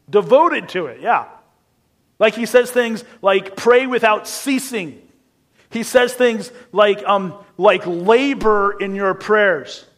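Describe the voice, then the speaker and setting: A man with a fairly high voice preaching a sermon. He is animated and emphatic, slips into chatty asides and acts out the quotes he cites.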